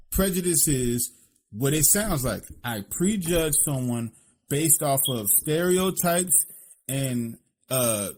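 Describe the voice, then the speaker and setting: Man, Philadelphia accent, podcast co-host, blunt, profane, mid-pitched, casual. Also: darkish tone. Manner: blunt, profane, says "you know what I'm saying" constantly. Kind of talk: casual opinionated podcast talk.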